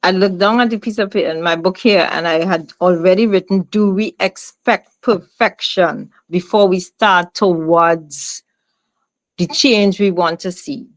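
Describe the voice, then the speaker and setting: A woman's voice: lowish voice, a little slow. A woman moderating a group discussion, calling on speakers and asking questions. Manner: calls on speakers, asks questions.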